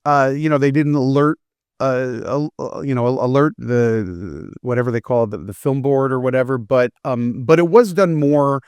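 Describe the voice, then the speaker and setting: A man's voice: mid-range voice, moderate pace, darkish tone, smooth, no echo. A man, a film reviewer, chatting casually on a podcast and acting out characters' lines as he retells a plot.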